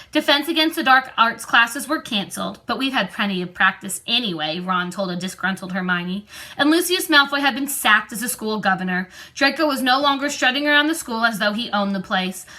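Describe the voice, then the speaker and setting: Woman reading a kids' fantasy book aloud, bright crisp tone, steady. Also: a little high. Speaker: audiobook reader. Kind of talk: storybook narration read aloud.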